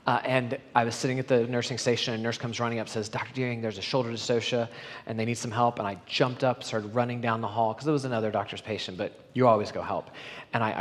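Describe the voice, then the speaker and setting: A middle-aged man giving a conference talk, telling stories and acting out the dialogue with animation. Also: mid-range voice. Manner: animated, acts out quoted dialogue. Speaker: conference speaker. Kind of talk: storytelling keynote talk. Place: conference hall. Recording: long hall reverb.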